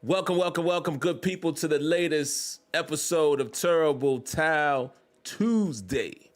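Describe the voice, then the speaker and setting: A man's voice: a little high, unhurried. A man hosting a live-streamed sports podcast from his home basement, chatting casually and greeting viewers by name. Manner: casual, repetitive shout-outs to chat viewers. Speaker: podcast host.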